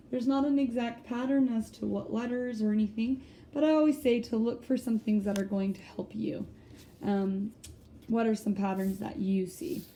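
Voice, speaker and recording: A woman teacher talks her students through a spelling sort. Her voice is mellow and easygoing, and she slows down to sound out each word with care. A faint hum sits under the recording. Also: a little high. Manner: patient, explaining slowly and sounding out words.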